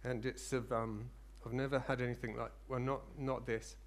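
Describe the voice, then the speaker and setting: A man preaching a sermon, earnest and rambling, rising into fervent excitement. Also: medium pitch, normal speed.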